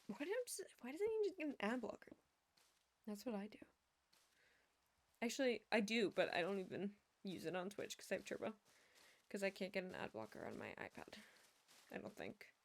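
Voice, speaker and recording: A woman's voice: mid-range voice, big pitch swings, brisk, gravelly, pauses often. A young woman streamer chatting casually, telling rambling, self-amused stories with frequent laughs.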